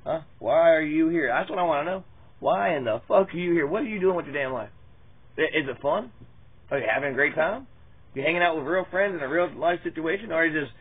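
Husky man rambling through a mock sermon. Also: fairly high pitch, expressive, fast. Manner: profane, rambling, loses his place. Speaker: mock preacher. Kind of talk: parody Bible reading. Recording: tinny lo-fi phone-like sound.

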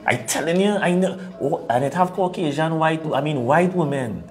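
A man with a Trinidadian accent and a voice on the high side co-hosts an opinionated talk show, speaking at normal speed with faint music behind him. Animated and preachy, he lectures his listeners and laughs at his own points.

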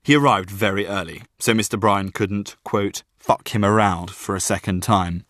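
A man's voice: fairly low pitch, moderate pace, no echo, clean studio sound. A young man narrating a humorous memoir audiobook and bantering with his co-reader. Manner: lively, defensive comic reading.

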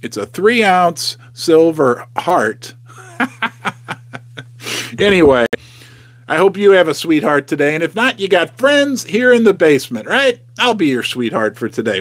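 A middle-aged man talks casually to his livestream viewers from a home basement, folksy and emotional. His voice sits high and swings widely in pitch. The sound is dry and close, with no room echo. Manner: chatty, folksy and emotional, asks viewers questions. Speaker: host of a precious-metals investing channel.

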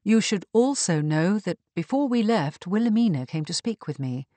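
A woman voicing a tactful young lady investigator who speaks in a measured, careful way. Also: mid-range voice, animated, warm tone, no echo, natural voice. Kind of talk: audiobook character reading.

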